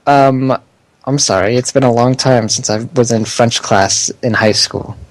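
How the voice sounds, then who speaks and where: A man's voice: mid-range voice, unhurried, no echo. A young man co-hosting a casual podcast, laughing often and stumbling through the news he reads. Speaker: podcast co-host.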